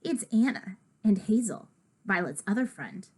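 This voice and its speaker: A woman's voice: medium pitch, animated, unhurried, darkish tone, husky. A woman reading a children's book aloud in a playful first-person child's voice.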